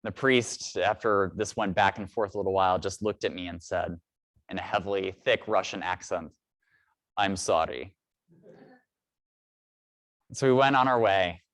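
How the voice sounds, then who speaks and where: A man in his thirties preaching a sermon in a church, telling a reflective story at a measured pace with pauses. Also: low-pitched, fairly bright tone, dry recording. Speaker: priest.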